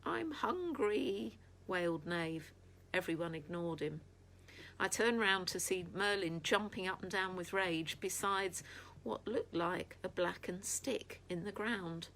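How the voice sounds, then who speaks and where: A woman reading a children's storybook aloud with steady, clear storytelling. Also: on the low side, a little slow, a little hiss or hum. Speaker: storybook reader.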